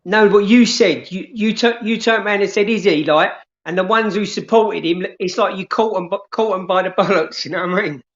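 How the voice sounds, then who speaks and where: High-pitched man on an echoey call. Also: fairly quick, few pauses, fairly bright tone. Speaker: caller on a livestream. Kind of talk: casual chat. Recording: echoey, dull video call audio.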